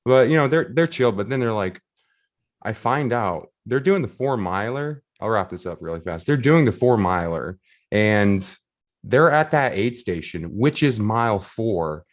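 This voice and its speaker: A man, a race volunteer, casually telling an animated story full of fillers and laughter. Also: fairly low pitch, a little slow. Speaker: race volunteer and shuttle driver.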